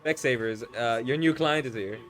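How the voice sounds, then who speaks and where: A man doing casual live commentary on a fighting game, loud and teasing, swearing freely. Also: mid-range voice, normal speed, soft background music. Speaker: esports commentator.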